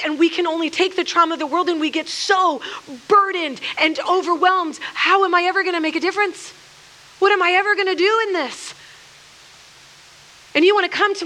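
A woman teaches scripture to a group in a room in an earnest, chatty way. She restarts sentences often and slips into little acted-out quotes. Her voice sits high and sounds bright. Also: slight background noise. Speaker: speaker leading a church workshop. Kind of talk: conversational sermon.

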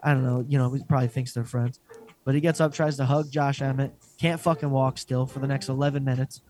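Speaking fast in a mid-range voice, this man co-hosts a podcast, trading profane jokes and excitable rants in loose conversation full of swearing.

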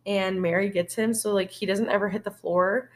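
A woman's voice: medium pitch, steady tone, normal speed. Female podcast co-host, loose rambling recap voice, casual and profane. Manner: rambling storyteller, heavy on "like" and swearing.

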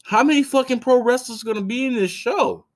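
A podcast host in his thirties, with a very high-pitched, brisk voice, tells a story casually. His talk is blunt, profane, and rambling, full of restarts.

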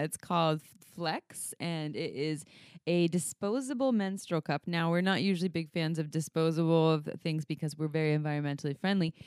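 A woman's voice: lowish voice, a little mellow, clear, resonant tone, no room sound, studio quality. A woman co-hosting a podcast, chatting frankly and playfully and laughing often. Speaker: podcast co-host, sex educator. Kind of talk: casual podcast chat.

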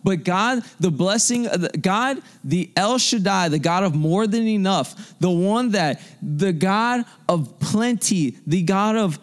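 A man's voice: sits high, expressive, slow, hardly any pauses. A young adult man preaching a sermon to a youth group, fervent and repetitive, restarting phrases for emphasis.

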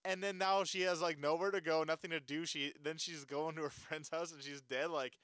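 A man's voice: fairly high pitch, fairly even intonation, fairly quick, fairly bright tone, clean tone, dry recording. A man chatting casually about a movie, loose and full of fillers, often laughing. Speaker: movie reviewer. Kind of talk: casual chat.

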